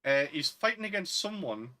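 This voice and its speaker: A man's voice: fairly high pitch, sing-song, moderate pace, bright, forceful tone. A man, co-hosting a casual film chat in a chatty, opinionated way. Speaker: podcast co-host.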